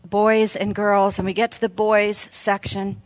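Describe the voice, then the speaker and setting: A middle-aged woman giving a sermon at a women's event, telling stories and moving into quiet prayer. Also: medium pitch, level tone, unhurried, no room sound. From United States. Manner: earnest, storytelling, dropping to a soft hush in prayer. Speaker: speaker at a women's Christmas event. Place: event venue.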